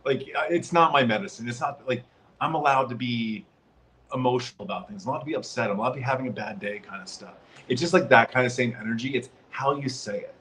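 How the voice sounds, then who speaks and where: A man talking casually and reflectively as a guest co-host, pausing with ums now and then. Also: mid-range voice, a bit bright, a little hiss or hum, rough recording. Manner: reflective, halting with ums, swears for emphasis. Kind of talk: casual conversation.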